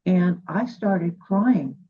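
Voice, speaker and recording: A woman's voice: fairly low pitch, animated, extremely slow. A woman from Cuba hosting a radio interview, telling heartfelt stories in a casual, earnest way. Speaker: radio show host. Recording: dull lo-fi recording.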